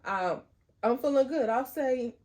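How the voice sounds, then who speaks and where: A woman's voice: high voice, animated, unhurried, darkish tone. A woman co-hosting a podcast in casual chat, upbeat and chatty with frequent fillers. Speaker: podcast co-host.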